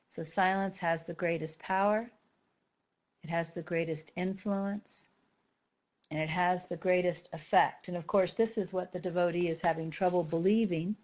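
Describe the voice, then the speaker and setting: A woman giving a spiritual talk to a group, gentle and thoughtful, repeating key phrases slowly to let them sink in. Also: lowish voice, lo-fi sound. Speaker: spiritual teacher.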